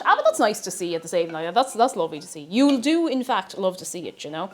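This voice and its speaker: An Irish woman, bubbly and talkative, chats casually with her livestream viewers while cooking in her home kitchen, reading their names aloud. She talks fast in a mid-range voice with big pitch swings, and faint music sits behind her.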